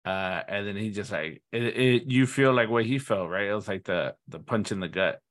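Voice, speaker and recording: A man's voice: on the low side, normal speed, fairly bright tone. A man co-hosting a casual podcast, giving laid-back, mostly brief agreeing replies. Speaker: podcast co-host. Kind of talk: casual film rewatch chat.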